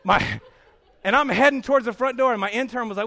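Gravelly high-pitched preacher telling stories. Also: male voice, fast talker. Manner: animated storytelling, acting out scenes with shouts. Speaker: pastor. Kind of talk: sermon.

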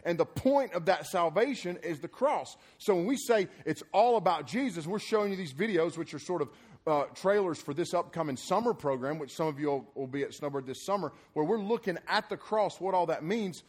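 Male preacher, slightly high voice, rousing emphatic sermon with casual joking asides. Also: brisk, slightly rough. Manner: energetic and emphatic, rising into loud repeated punchlines; loose, joking and conversational in asides. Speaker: preacher at a summer youth program.

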